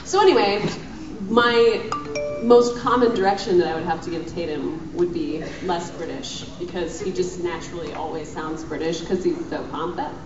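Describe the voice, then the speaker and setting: A woman's voice: fairly low pitch, normal speed, loud music behind the voice. A woman on a convention panel, chatting in a wry, teasing way and giggling easily. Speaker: voice actor and director panelist. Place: hotel convention room. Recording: echoey hotel room from far off, muffled, noisy.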